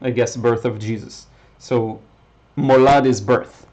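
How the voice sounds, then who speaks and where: A man from Israel, Hebrew speaker, teaching watercolor live and chatting with viewers in a relaxed way with many fillers. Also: mid-range voice, takes it slowly, dull audio. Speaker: watercolor painting instructor. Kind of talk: live-stream painting demo, reading chat.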